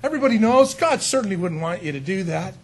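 A male preacher delivering a sermon in a lively, talky style, tossing rhetorical questions to the room. His voice sits fairly high, jumps around in pitch, and is very husky and raspy. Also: quick pace. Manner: animated, conversational, rhetorical questions.

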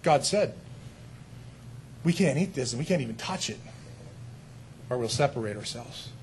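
A man voicing Eve as a tempted young woman, hushed and awed, in a raspy voice. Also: medium pitch, expressive, moderate pace, a little hiss or hum, pitched below the performer's own voice, natural voice.

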